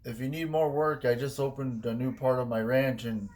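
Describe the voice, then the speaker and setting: A man's voice: medium pitch, little pitch movement, normal speed, darkish tone, natural voice. A man voicing a friendly, generous older male rancher who talks earnestly and keeps saying "man".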